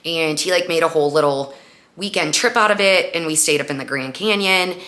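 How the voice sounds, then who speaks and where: A woman's voice: low voice, a little fast. A young woman hosting a podcast, chatting casually through a personal story with lots of "like" and acted-out quotes. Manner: chatty, animated retelling with frequent "like" and acted-out quotes. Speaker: podcast host.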